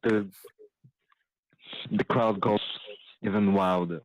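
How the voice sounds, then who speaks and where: Low-voiced man running a tabletop game. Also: slow, no echo, poor audio. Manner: casual, relaxed narration. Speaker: game master. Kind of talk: narrating a tabletop game online.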